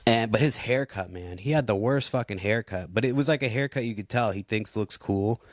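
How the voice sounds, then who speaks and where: A man in his thirties rambles through a heated, profane monologue, full of restarts and asides. His voice sits on the low side. The recording is dry, with no room sound. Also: fairly quick, no room sound. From Puerto Rico. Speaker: podcast host. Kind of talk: casual ranting monologue.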